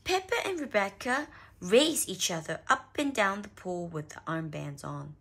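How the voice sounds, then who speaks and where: A woman reading a children's picture book aloud, expressive, with small slips. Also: medium pitch, normal speed, vocal fry, slightly rough. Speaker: storyteller.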